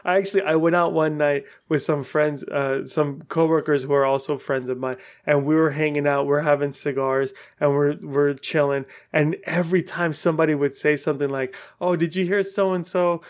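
A man's voice: fairly high pitch, flat delivery, normal speed, hardly any pauses. Profane, rambling podcast man in his forties. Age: 40s. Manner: rambling, profane, laughing often. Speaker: podcast host. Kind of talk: casual storytelling.

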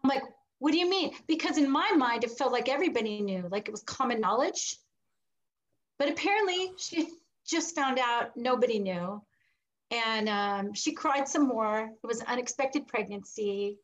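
Middle-aged lady guest telling her story, kinda high voice, does the voices, laughs a lot. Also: normal speed, muffled recording. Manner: animated, acts out quoted voices, laughs between lines. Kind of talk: personal storytelling in an interview.

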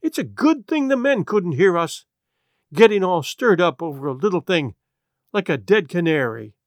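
A man reading aloud voices a timid sheriff's wife who speaks in a tight, measured, hushed way. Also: on the low side, sing-song, no room sound, studio quality. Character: timid, proper sheriff's wife, strained and nervous.

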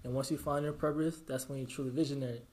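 A man's voice: mid-range voice, fairly even intonation, fast talker, darkish tone. A young man on a podcast chatting casually in slangy banter, talking about his clothing brand. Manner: laid-back slangy banter, laughs often.

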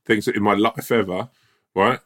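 A man's voice: fairly low pitch, fairly even intonation, measured pace, fairly bright tone. A man co-hosting a podcast, telling stories in a casual chat. He laughs often and acts out bits of dialogue. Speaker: podcast co-host.

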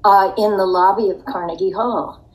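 An older woman, a guest on an interview show, telling a personal story in a reflective way with soft laughs. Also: mid-range voice, steady tone, normal speed, rough recording. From United States.

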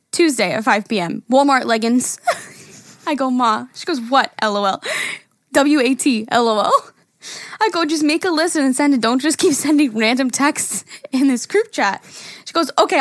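A woman's voice: a little high, no echo, clean studio sound. A young woman co-hosting a podcast, telling a funny family story in casual chat and reading text messages aloud between laughs. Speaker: podcast co-host.

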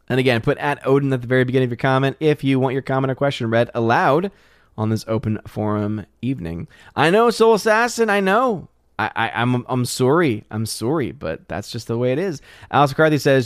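A man's voice: medium pitch, animated, no room sound, studio quality. A man hosting a livestream, reading viewer comments in casual, rambling chat with many restarts. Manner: rambling, halting restarts, chatty. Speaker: livestream host.

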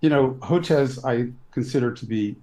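A man in his sixties from New York, a physician guest giving measured, blunt opinions in an interview. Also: medium pitch, mellow, low-quality recording. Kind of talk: interview answers.

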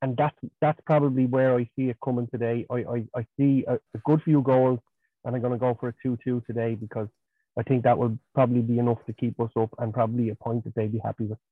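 A man co-hosting a football podcast, talking in a measured, agreeable way over a remote line. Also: medium pitch, little pitch movement, no echo. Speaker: podcast co-host. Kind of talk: casual football chat. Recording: tinny phone-like remote line.

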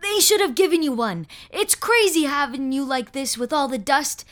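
A woman's voice: high voice, expressive, measured pace, pitched above the performer's own voice. A woman voicing a frail, dying older man who talks in a folksy, weary way, sighing and coughing, in a single-reader audio story. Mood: agitated. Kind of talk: audio fiction reading.

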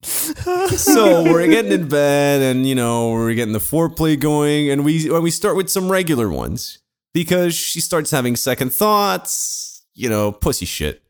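A man's voice: fairly high pitch, big pitch swings, measured pace. A young man casually telling an embarrassing story on a podcast, rambling and laughing at himself as he goes. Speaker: podcast co-host.

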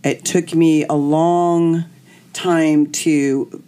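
A woman's voice: deep voice, very slow, clean tone. A woman guest candidly telling a personal story, acting out what people said. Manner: animated, acts out quotes.

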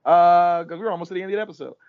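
A man's voice: high voice, rapid-fire, clear, resonant tone, no echo. A man co-hosting a podcast in casual chat, joking, laughing and acting out scenes in voices. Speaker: podcast co-host recapping a TV episode. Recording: dull, dry sound.

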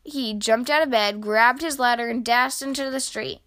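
A woman reading a children's picture book aloud, with expressive storytelling. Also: a little high, moderate pace, no room sound.

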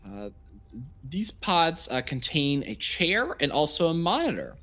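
A man's voice: fairly high pitch, sing-song, measured pace, sharp tone. A man narrating as game master of a tabletop role-play game, rambling with many fillers.

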